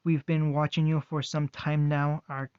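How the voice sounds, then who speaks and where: A man's voice: on the high side, flat delivery, normal speed, darkish tone, clean tone, dry recording, close to an everyday voice. A man voicing a cold, formal military spokesman who stays stiffly polite, on a dull, dry recording.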